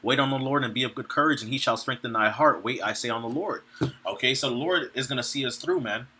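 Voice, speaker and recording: A man's voice: mid-range voice, quick pace, pushed and bright, a little hiss or hum. A man giving an informal sermon, reading scripture aloud and commenting bluntly and profanely, laughing between points and checking in with his listeners. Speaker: preacher.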